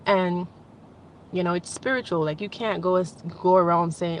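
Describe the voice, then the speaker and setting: Young woman vlogging, kinda low voice, rambly and emotional, laughs a lot, faint hum behind. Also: fairly even intonation, moderate pace. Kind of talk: casual spiritual vlog monologue.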